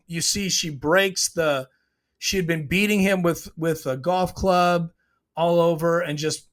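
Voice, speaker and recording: A man's voice: a little high, a bit bright. A man casually breaking down a TV scene, emotional and hesitant, restarting his sentences often. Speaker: show reviewer.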